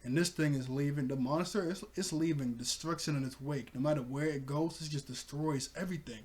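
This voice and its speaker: A man's voice: a little high, fairly quick, a little mellow. A young man casually recapping and reviewing a cartoon episode, chatty, laughing often and acting out quoted lines.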